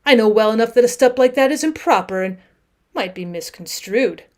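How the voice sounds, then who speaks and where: A woman teacher reading a classic short story aloud as an audiobook. She reads dramatically, moving between hushed and raised passages. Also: on the high side, expressive, brisk.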